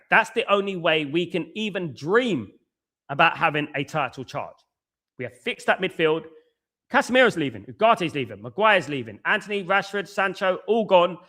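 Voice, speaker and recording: High, bright-voiced man. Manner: repetitive, conversational, greets viewers by name. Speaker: football channel host. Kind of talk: live-stream football talk, reading chat.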